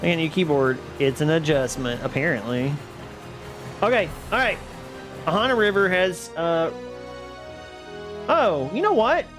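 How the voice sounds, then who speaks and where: A man's voice: fairly high pitch, animated, a little slow, pauses often. Chatty man streaming over background music. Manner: rambling, chatty, self-deprecating, laughs often. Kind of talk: casual live-stream chat while gaming. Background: music playing.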